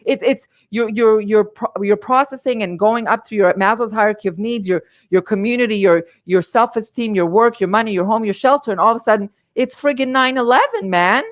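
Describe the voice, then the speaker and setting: A woman's voice: on the high side, a little fast, hardly any pauses. Passionate, emphatic middle-aged woman. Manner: passionate, emphatic, repeats words. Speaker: life coach and livestream host. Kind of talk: live-streamed motivational talk.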